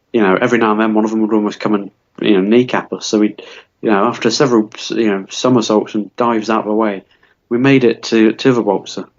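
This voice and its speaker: A man in his twenties co-hosting a comedy podcast, rambling through a silly story with lots of fillers and restarts. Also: lowish voice. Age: 20s. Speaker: podcast co-host. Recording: dull lo-fi podcast audio.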